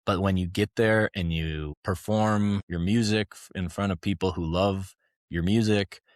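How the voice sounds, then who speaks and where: A man's voice: deep voice, fairly even intonation, unhurried, no echo, clean studio sound. A man talking candidly as a podcast guest, a touring family musician rambling through stories with many restarts. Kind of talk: casual podcast conversation.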